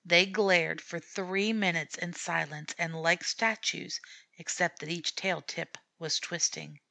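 Slow, bright-voiced woman reading a story. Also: on the low side, fairly even intonation, vocal fry, no echo. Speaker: audiobook narrator. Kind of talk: scripted storybook narration.

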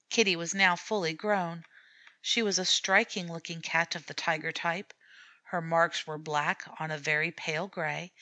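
Slow, bright-voiced woman reading a story. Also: lowish voice, no room sound. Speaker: audiobook narrator. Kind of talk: scripted storybook narration.

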